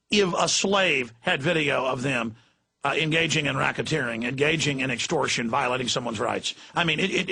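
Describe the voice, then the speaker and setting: A man's voice: fairly high pitch, vocal fry, sharp tone, husky. A middle-aged man hosting political talk radio, ranting in a fiery, emphatic way. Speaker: radio talk show host.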